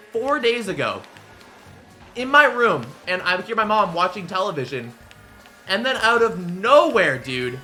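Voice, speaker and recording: Bright-voiced young man rambling animatedly. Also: high voice. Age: 20s. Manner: rambling, filler-heavy, animated. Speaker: streamer. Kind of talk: casual storytelling while gaming.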